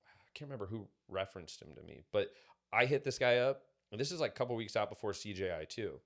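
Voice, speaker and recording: A man's voice: fairly low pitch, animated, quick pace. A man talking casually on a podcast, rambling through stories with lots of fillers. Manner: rambling, filler-heavy storytelling. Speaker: podcast guest.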